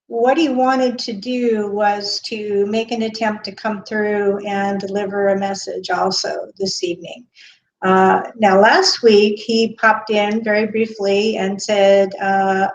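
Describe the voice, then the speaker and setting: A woman speaks slowly and off the cuff as a medium on her live stream, with many pauses and fillers. She greets chat viewers by name between her thoughts. The sound is dull and lo-fi, like a webcam mic indoors. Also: mid-range voice, fairly even intonation, slight background noise. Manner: hesitant, with frequent pauses and fillers. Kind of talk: unscripted live-stream talk. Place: indoor room.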